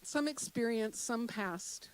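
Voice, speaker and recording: Woman minister, high voice, sermon, emphatic repetition, rhetorical questions, guided meditation. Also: clear, resonant tone, rough recording. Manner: slows into a soft, guided breathing meditation.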